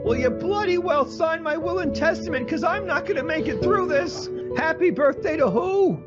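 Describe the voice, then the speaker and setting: A man's voice: very high-pitched, expressive, normal speed, highs cut off, over loud music. A man putting on the voice of a fretful, pompous middle-aged pundit who talks in an anguished, apologetic rant. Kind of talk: comedic impression.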